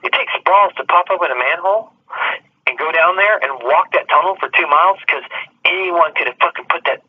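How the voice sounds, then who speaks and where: A man with a very husky, rough voice pitched a little high for a man, telling excitable, rambling stories and dropping "dude" and swear words constantly. The recording sounds dull and lo-fi. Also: a little fast. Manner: rambling, profane, says "dude" often; excitable storyteller. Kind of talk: casual chat.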